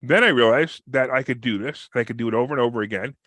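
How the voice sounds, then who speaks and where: A man, a real estate investor guest on a podcast interview, telling a story with lively energy and acting out the people in it. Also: no echo. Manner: fast, energetic, acts out quoted people with big pitch jumps.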